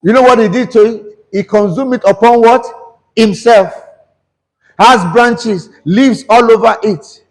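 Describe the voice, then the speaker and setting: A man's voice: extremely high pitch, unhurried, in a large hall. A man preaching a sermon, questioning the congregation and mixing English and Yoruba. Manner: switches between English and Yoruba. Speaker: pastor.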